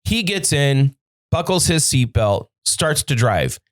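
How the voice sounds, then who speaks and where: A man's voice: medium pitch, takes it slowly. A man hosting a podcast, telling a story in casual chat with lots of swearing and acted-out quotes, recorded in a studio. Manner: profane, animated storyteller acting out quoted dialogue. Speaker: podcast host.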